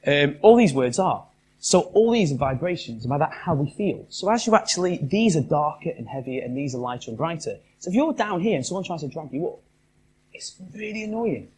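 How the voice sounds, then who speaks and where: Animated man giving a live talk. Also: on the high side, a little hiss or hum. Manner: chatty and animated, asks the room questions. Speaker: motivational speaker. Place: live event venue.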